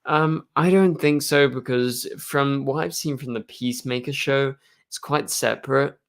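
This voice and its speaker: A man's voice: medium pitch, unhurried, vocal fry. A young man hosting a live stream, chatting casually and answering viewer questions, rambling with lots of fillers. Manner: rambling, full of "like" and "um".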